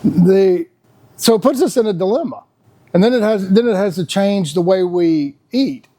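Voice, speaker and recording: A man's voice: high-pitched, animated, normal speed, dark tone. A man, talking in a casual, blunt, folksy monologue as a podcast host. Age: 50s. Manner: folksy, blunt, laughs often.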